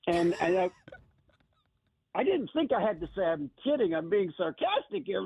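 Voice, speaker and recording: A man's voice: high-pitched, very animated, fairly quick, vocal fry, husky, no room sound. A man, a sports journalist guest on a radio show, ranting with passion and sarcasm while calling in by phone. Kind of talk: opinionated radio commentary. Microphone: phone call into radio show. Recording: tinny phone line.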